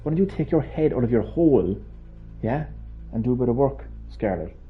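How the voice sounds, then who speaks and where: A man's voice: mid-range voice, animated, fairly quick, narrow, tinny audio. A man streaming a video game, chatting casually, ranting and swearing in a mock-outraged way. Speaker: gaming streamer. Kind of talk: casual live-stream chat. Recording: game music faint behind.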